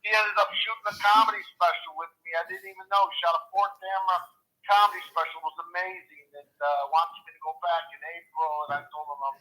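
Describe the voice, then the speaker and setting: A man calling in as a comedian, telling stories in a rambling, animated way with lots of repeats, heard over a phone line. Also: sits high, fast talker. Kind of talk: phone-in storytelling. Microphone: telephone.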